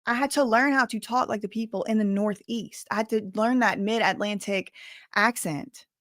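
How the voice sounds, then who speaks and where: A woman's voice: medium pitch, normal speed, a bit bright, dry recording. Candid Southern woman YouTuber, dry close sound. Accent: Southern US, softened. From US South, bayou country. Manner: candid, emphatic, repeats words for stress. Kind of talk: casual storytelling to camera.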